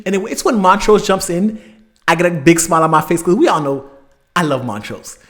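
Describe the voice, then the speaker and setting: A man hosting an episode recap, retelling scenes with lively, emotional reactions. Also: fairly high pitch, brisk. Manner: animated, emotional storytelling with acted-out reactions. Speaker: host.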